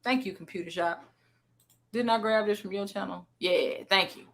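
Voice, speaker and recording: A woman's voice: medium pitch, normal speed, creaky, fairly bright tone. A woman YouTuber commenting on clips she plays, incredulous and sarcastic, repeating her points for emphasis.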